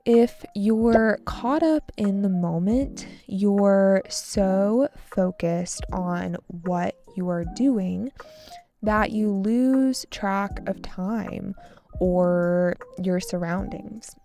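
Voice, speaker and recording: A woman tells a story for English learners, stopping to repeat and explain vocabulary words. Her voice is mellow and a bit gravelly, and she speaks at a very unhurried pace. Faint music plays underneath. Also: medium pitch. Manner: slow and deliberate, repeats words for pronunciation. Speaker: English teacher.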